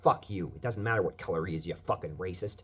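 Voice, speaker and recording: A man rants into the camera in a low, husky voice, swearing heavily and angrily. It comes across as a raw, unscripted vlog outburst. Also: fast, fairly bright tone. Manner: angry, heavy swearing. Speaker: vlogger. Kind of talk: profane rant.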